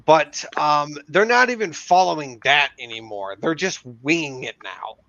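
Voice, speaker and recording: A man's voice: fairly high pitch, lively intonation, a little slow, gravelly, sharp tone. A man co-hosting a casual chat, ranting emphatically and swearing often. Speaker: podcast co-host. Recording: dull lo-fi dry podcast mic.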